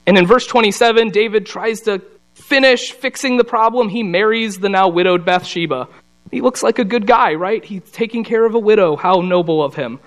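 A man giving a casual Bible study talk, telling the story conversationally and briefly voicing the characters. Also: sits high. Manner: conversational storytelling, slips into quick voices for the characters.

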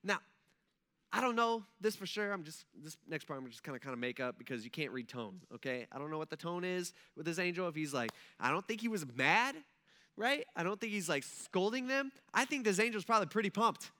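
Male pastor, casual sermon delivery, high voice, bright timbre, acts out scenes. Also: animated, brisk.

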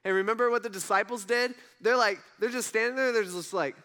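A man's voice: high voice, brisk, bright, forceful tone. A man giving a casual storytelling sermon, retelling stories in a conversational way and acting out the quotes. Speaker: preacher.

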